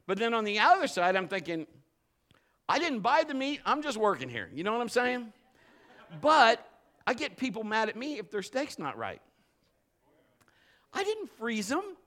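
A man preaching and telling a personal story, animated, swinging from shouts to hushed storytelling. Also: high voice. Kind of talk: sermon with personal testimony.

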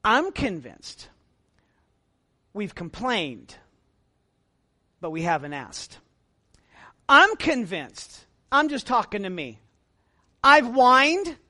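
Male pastor, middle-aged, lively sermon delivery with soft asides and loud peaks, self-deprecating, dry close sound. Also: sits high, very slow, long pauses, dry recording. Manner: animated preaching with big swings between quiet asides and loud emphatic lines; self-deprecating humor, chatty asides to the congregation.

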